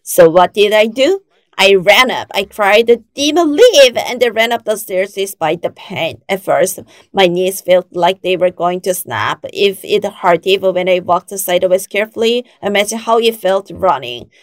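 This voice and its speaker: Woman preacher, forties, emphatic unhurried sermon delivery, mid pitch, dry sound. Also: dry recording. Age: 40s. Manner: slow, emphatic preaching with rising quoted exclamations.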